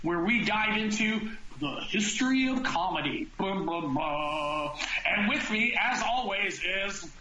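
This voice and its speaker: A man's voice: sits high, expressive, unhurried, hardly any pauses, loud music behind the voice. A man hosting a comedy podcast, chatting casually and rambling with restarts and filler words. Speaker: podcast host. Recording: roomy, slightly dull sound with faint noise.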